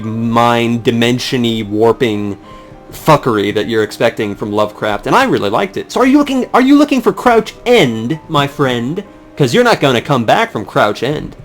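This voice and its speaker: Young man, sarcastic game commentary, lively swinging pitch, swears often. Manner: rambling, sarcastic, swears a lot. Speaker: let's play commentator. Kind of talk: casual gameplay commentary.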